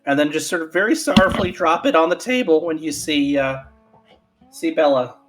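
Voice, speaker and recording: A man's voice: a little high, a little fast, over music. A man playing in a tabletop game, joking around in a playful, casual way. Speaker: player.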